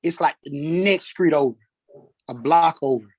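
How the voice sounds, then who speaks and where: Husky-voiced man testifying. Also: on the high side, a little mellow. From Atlanta, Georgia, US. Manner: halting, repeats words, trails into fillers. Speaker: witness. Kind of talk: courtroom testimony. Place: courtroom.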